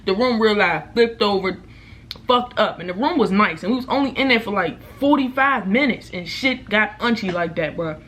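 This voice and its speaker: A young woman vlogger, telling a storytime in casual, profane talk, loudly acting out what people said. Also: mid-range voice, normal speed, a little hiss or hum. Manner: animated, profane, acts out quotes loudly. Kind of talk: casual storytime while eating.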